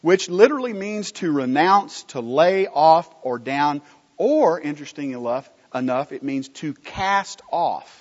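A pastor preaching a sermon in a conversational teaching manner, asking the congregation rhetorical questions and swinging between emphatic and quiet phrases. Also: male voice, fairly high pitch, animated, a little slow. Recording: dull lo-fi recording with long hall reverb.

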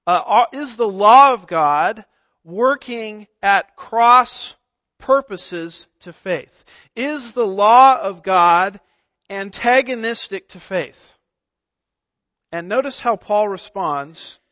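High-voiced emphatic male preacher. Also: expressive, takes it slowly, sharp tone, no echo. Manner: emphatic, rhetorical questions, stresses single words. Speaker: pastor. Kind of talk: expository sermon. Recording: dull lo-fi sound.

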